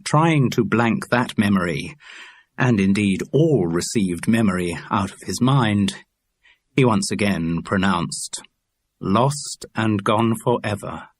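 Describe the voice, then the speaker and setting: A man narrating an audiobook in a measured, even manner. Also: on the low side, dry recording. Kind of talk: scripted narration.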